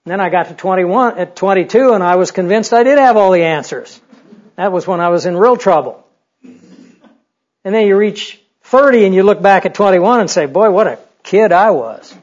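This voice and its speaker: High-voiced man preaching conversationally. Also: moderate pace. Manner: conversational, humorous, rhetorical questions. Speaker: pastor. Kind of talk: sermon. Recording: dull lo-fi recording.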